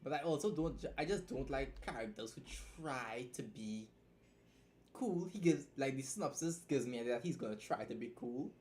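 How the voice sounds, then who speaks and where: A man's voice: medium pitch, expressive, a little mellow, a little hiss or hum. A young man with a Trinidadian accent hosting a casual livestream, talking bluntly with jokes and swearing as he reacts to a story. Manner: blunt, joking, swears freely, fast asides. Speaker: livestream host and writer.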